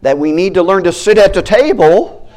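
A man preaching a sermon as a pastor, animated and mixing in joking asides. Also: high voice, moderate pace.

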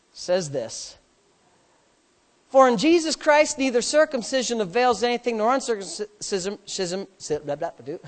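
Emphatic preaching man. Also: very high-pitched. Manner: emphatic preaching, swinging between hushed asides and loud outbursts; repetitive, rhythmic phrasing with calls for amen. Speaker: pastor. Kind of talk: sermon.

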